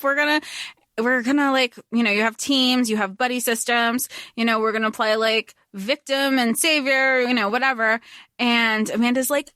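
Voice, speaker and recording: A woman's voice: on the high side, fairly even intonation, moderate pace, bright, forceful tone, dry recording, studio quality. A young woman co-hosting a podcast, chatting casually about a film, laughing often and swearing freely. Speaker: podcast co-host. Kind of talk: casual chat.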